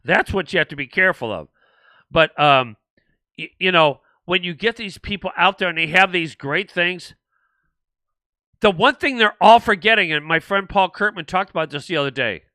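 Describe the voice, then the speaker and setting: A man's voice: high voice, sharp tone, no room sound. An older man hosting a political livestream, rambling and indignant, with frequent restarts as he answers viewer comments. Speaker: livestream host.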